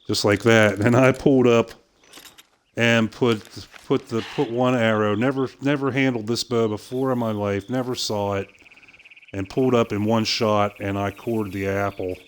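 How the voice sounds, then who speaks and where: An older man streaming a game, casually telling a long story with swearing and quick impressions of other people. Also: fairly low pitch, steady tone. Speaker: gaming streamer. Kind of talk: casual storytelling while playing.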